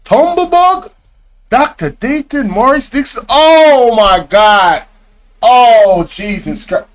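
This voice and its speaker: A man's voice: very high voice, expressive, takes it slowly. A man hosting a reaction video, exclaiming in disbelief, laughing often and talking to his viewers in casual slang. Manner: slang-heavy, addresses viewers directly.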